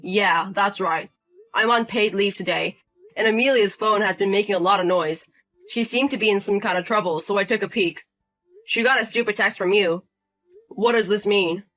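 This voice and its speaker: A woman's voice: medium pitch, moderate pace, fairly bright tone, faint music behind, close to an everyday voice. A woman voicing a protective husband who speaks in a firm, accusing way. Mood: stern. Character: protective angry younger-brother husband.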